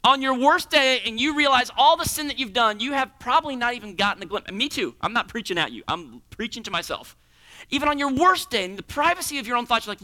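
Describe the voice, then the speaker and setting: Guy preaching hard, high bright voice, swoops way up and down. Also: lively intonation, quick pace. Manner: impassioned, swings between loud pleading and hushed near-whispers. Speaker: pastor. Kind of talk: sermon.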